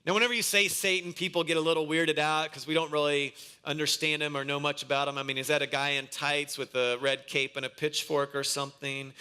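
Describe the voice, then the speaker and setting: Pastor, thirties, male; bright, pushing tone a bit above average pitch, earnest sermon delivery with anecdotes. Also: smooth. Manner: earnest preaching mixed with a humorous family story.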